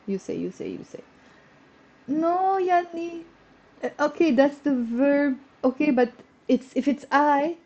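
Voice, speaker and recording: A woman's voice: high-pitched, dark tone, highs cut off. Patient woman teaching a live online lesson. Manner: patient, coaxing, repeats words slowly for students. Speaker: Arabic teacher.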